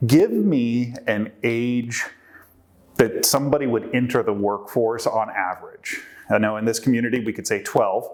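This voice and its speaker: A man presenting a workshop to a live group, quizzing the audience and working through numbers aloud. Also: fairly low pitch.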